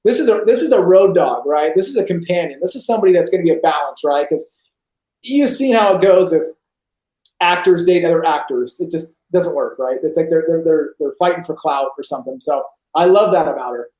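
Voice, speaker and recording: High-voiced man telling an animated story. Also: fairly quick. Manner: animated, acts out quoted voices. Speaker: podcast guest. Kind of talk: storytelling testimony. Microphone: video call. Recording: roomy echo on a video call.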